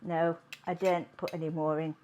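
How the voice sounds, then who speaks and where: A woman hosting a home cooking demonstration, chatting in an unhurried way as she works in her kitchen. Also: deep voice, level tone, dark tone, slight background noise. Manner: chatty, unhurried, talks while working. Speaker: cooking show host.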